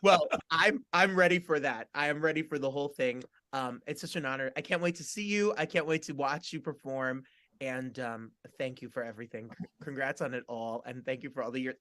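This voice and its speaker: A man's voice: mid-range voice, fairly quick, bright, forceful tone, no echo, studio quality. A man hosting a casual chat show, effusive and gushing with gratitude toward his guest. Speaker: host.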